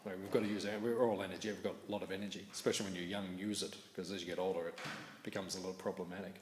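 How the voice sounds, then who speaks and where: A man's voice: low-pitched, little pitch movement, rapid-fire. Chatty man in an echoey hall. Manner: chatty storytelling, laughs at own anecdotes. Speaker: class speaker. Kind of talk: morning scripture class. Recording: echoey hall with faint room noise.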